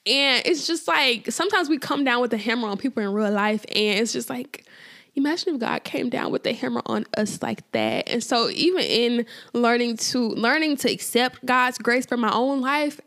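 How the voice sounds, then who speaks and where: A woman's voice: on the high side, expressive, moderate pace, a bit bright. A woman hosting a casual faith podcast, talking informally with lots of fillers and repeated phrases for emphasis. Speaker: podcast host.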